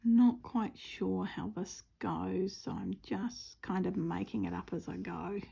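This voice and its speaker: A woman's voice: medium pitch, lively intonation, unhurried, gravelly, mellow, husky. A woman with a New Zealand accent chatting casually and rambling while she stitches, with self-mocking humour. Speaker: craft vlogger.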